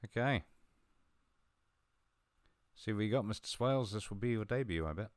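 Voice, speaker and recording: A man talking through a football management game he is playing, chatty and a little mumbling, with sudden bursts of excitement. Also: fairly low pitch, moderate pace, no room sound, clean studio sound. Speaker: gaming video host. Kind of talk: live game commentary.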